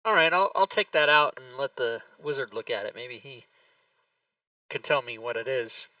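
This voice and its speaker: Bright guy playing d&d online, jokey, far off the mic, muffled. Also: mid-range voice, normal speed, no room sound. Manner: joking, offhand remarks. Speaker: player. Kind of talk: casual tabletop game chat.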